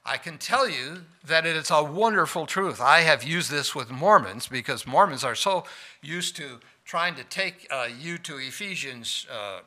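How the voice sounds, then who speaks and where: Bright-voiced male preacher, loud then soft. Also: a little high, expressive, a little slow. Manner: swings between loud emphasis and quiet asides, asks the room questions. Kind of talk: sermon.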